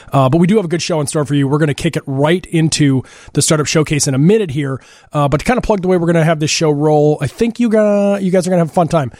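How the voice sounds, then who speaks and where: Fast-talking joking male radio host. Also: fairly high pitch, a little mellow, no room sound, studio quality. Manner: fast, joking, loose with fillers. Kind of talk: casual radio talk. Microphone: studio microphone.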